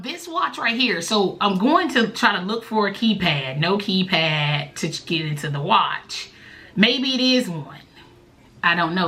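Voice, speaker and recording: Woman, bright crisp voice, chatty storytime vlog, animated. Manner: chatty, animated, talks straight to the viewer; bursts into a high, loud voice when quoting herself. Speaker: vlogger.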